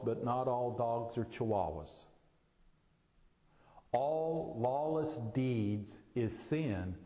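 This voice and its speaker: A man's voice: mid-range voice, mellow. A middle-aged man preaching a sermon in a folksy, explaining way, using homely examples, recorded in a church hall. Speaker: pastor. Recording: echoey hall, voice from a distance.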